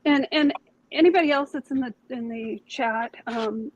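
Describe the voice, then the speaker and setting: A woman co-hosts a casual livestream panel, speaking in a calm, conciliatory way. Her voice sits a little high, and she joins from home. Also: normal speed, dull audio. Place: home near a yard.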